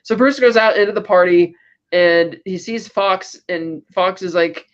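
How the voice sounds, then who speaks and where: High-voiced man rambling through a recap. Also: a little slow, dull audio. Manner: rambling retelling with loose paraphrased quotes. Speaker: podcast co-host. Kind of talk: casual movie recap.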